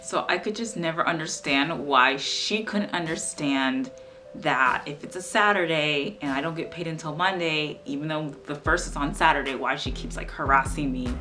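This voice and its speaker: A young woman telling a story in a casual vlog, animated and exasperated, with lots of "like". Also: sits low, moderate pace, soft background music. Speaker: vlogger.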